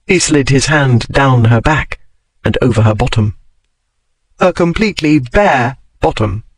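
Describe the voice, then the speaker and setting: A man's voice: on the high side, no room sound, rough recording. Man narrating a romance audiobook.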